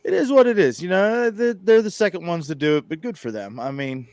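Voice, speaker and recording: A man's voice: high-pitched, lively intonation, fairly quick, darkish tone. A laid-back man hosting a casual podcast, wry and easygoing while under the weather with a cold. His voice sounds dry and close, with no room echo. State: sick with a cold. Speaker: podcast host. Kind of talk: casual chat.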